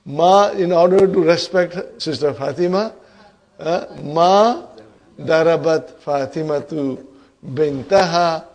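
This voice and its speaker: A man's voice: a little high, slow, a little mellow. A man teaching an Arabic grammar class, quizzing students and checking in with "huh?" and "okay?" as he goes. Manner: addresses class as brothers and sisters.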